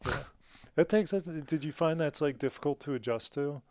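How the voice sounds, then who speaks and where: A man hosting a podcast, asking parenting questions in a relaxed, conversational way. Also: a little high, moderate pace, no room sound, studio quality. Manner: relaxed, conversational, says "dude". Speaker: podcast host. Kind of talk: casual interview chat.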